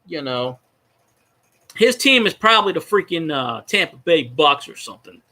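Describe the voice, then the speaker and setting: Man, fan vlogger, rambling livestream chat, profane, fairly high voice, tense bright tone. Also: very animated, moderate pace.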